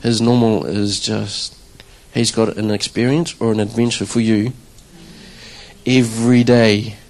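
A man's voice: on the low side, moderate pace, rough recording. A man, a church drummer, telling a conversational testimony to a congregation and acting out his own reactions. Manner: conversational, animated storytelling with acted-out quotes.

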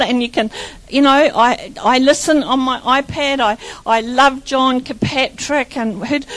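A woman's voice: high-pitched, rough recording. A woman preaching a charismatic sermon, fervent and chanting repeated lines, rambling with restarts and bursts of laughter.

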